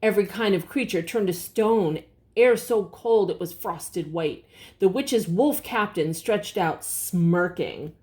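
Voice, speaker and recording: An older woman with a fairly low voice reads a picture book aloud to her grandchildren. She pauses to explain words gently and point out the pictures. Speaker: storybook reader.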